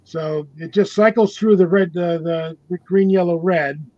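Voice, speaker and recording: An older man showing a homemade electronics project on a video call, halting with many fillers and restarts. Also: high-pitched, darkish tone, no echo, dull audio. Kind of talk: casual show-and-tell on a video call.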